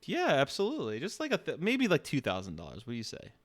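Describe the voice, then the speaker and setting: A man's voice: a little high, wildly swooping pitch, fast, a bit bright. A man live streaming, chatting casually and teasing, often laughing.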